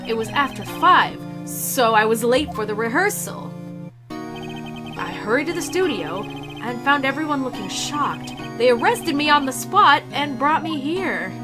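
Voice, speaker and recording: A woman's voice: high-pitched, very animated, a little slow, voice pushed up. A woman voicing a flustered male TV action star earnestly telling what happened, over game music. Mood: worried.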